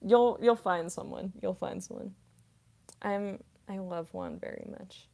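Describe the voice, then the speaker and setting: A woman in her mid-twenties chatting casually on a livestream, soft-spoken and rambling, with lots of fillers and little giggles. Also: medium pitch, moderate pace, vocal fry. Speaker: voice actress streamer. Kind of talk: casual livestream chat reading comments.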